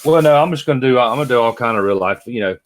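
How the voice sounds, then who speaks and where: A man's voice: medium pitch, expressive, rapid-fire, slight background noise. A middle-aged man, chatting casually and rambling to viewers by name as he unboxes toys. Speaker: vlogger. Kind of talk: casual chat while unboxing.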